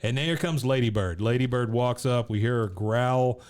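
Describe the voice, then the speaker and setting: A man's voice: mid-range voice, normal speed, a little mellow. A man co-hosting a podcast, casually recapping an episode scene by scene and laughing at the characters. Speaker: podcast co-host.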